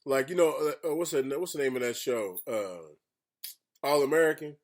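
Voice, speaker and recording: A man's voice: mid-range voice, lively intonation, fairly quick. A man co-hosting a casual radio show, laid-back, stammering and repeating words. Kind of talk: casual chat.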